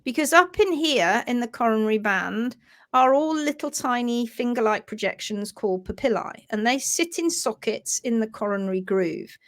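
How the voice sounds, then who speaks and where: A woman teaching hoof care on a live stream, animated and chatty. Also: on the high side, moderate pace. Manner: animated, acts out little voices for hoof parts.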